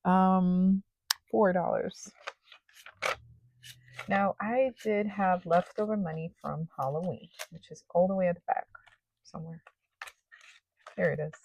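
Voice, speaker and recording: A woman's voice: lowish voice, steady tone, unhurried, vocal fry, long pauses, no room sound, dull audio. A young woman chatting casually while she sorts cash into budget envelopes, rambling with lots of fillers. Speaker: budgeting vlogger. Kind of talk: casual cash-stuffing commentary.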